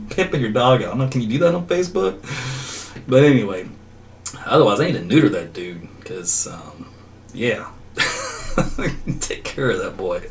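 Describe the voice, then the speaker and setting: His voice mid-range and fairly bright, the middle-aged man running this relaxed weather livestream keeps chasing tangents and laughing. The recording has a somewhat distant mic and faint noise in the background.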